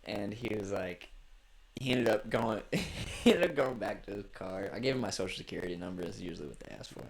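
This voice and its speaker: A man's voice: on the low side, brisk, vocal fry. A young man hosting a casual chat, telling stories in a laid-back way, swearing freely and acting out both sides of arguments. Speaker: podcast host.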